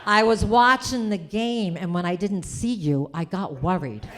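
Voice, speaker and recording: A woman voicing her own middle-aged mother, who fires off high, anxious questions. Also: slight background noise, close to an everyday voice. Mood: relieved. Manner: high, rapid-fire worried questions. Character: flustered middle-aged mother, frantic when worried.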